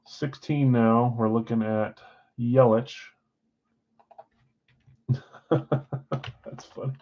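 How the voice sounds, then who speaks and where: A man's voice: mid-range voice, steady tone, very slow, dull audio. A man hosting a live sports card break, casually rattling off player names and who got which spot.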